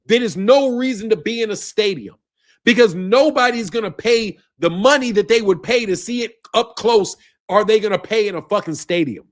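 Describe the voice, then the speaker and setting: Combative American stream host, high-pitched, swears freely and answers his chat with heat. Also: animated, moderate pace. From United States. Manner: profane, combative, talks back to chat. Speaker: boxing channel host. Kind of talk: heated livestream rant reading chat.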